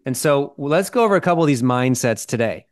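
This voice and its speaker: A man's voice: medium pitch, animated, fast talker. A man co-hosting a podcast, explaining ideas in casual chat and checking in with "right?" and "okay?". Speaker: podcast co-host.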